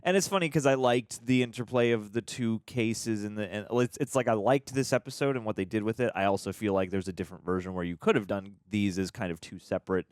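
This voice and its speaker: A man's voice: fairly low pitch, fast, hardly any pauses, dry recording, studio quality. A man co-hosting a TV reaction show, chatting casually and rambling with lots of filler words and restarts. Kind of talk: casual review chat.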